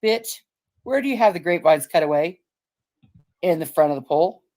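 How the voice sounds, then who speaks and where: A woman's voice: on the low side, lively intonation, fairly quick, darkish tone. Profane ranting woman on a livestream. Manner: profane, mocking, acts out quotes. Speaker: livestream co-host. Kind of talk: casual ranting chat.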